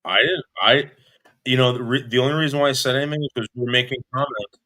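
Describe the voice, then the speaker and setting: A medium-pitched man talks fast with a sharp tone as a guest on a live stream. He argues heatedly and defensively, repeating himself, restarting sentences, and swearing.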